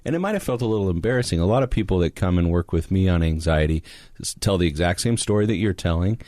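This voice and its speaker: A man co-hosting a podcast and coaching on anxiety, speaking in a calm, explanatory way. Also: low-pitched, quick pace, dry recording, studio quality. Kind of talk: interview conversation.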